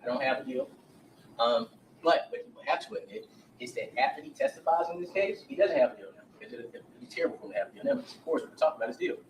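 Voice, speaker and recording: A man's voice: on the high side, huge pitch swings, fast talker, a little hiss or hum. A man giving an opening statement to a jury as a defense attorney, speaking emphatically and turning to the jurors as he retells witness accounts. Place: courtroom. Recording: roomy courtroom audio from a distance.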